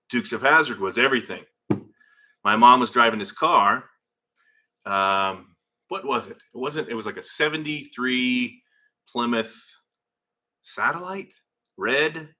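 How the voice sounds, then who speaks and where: A man's voice: mid-range voice, pushed and bright. A middle-aged man hosting a casual livestream from his garage, rambling as he reads viewer comments aloud into a phone. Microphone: phone camera.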